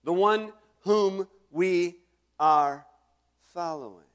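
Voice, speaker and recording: Middle-aged pastor guy preaching, kinda high voice, chatty and stop-start. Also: very slow, a bit bright, clear, resonant tone. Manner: conversational preaching with many restarts and asides. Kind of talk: sermon.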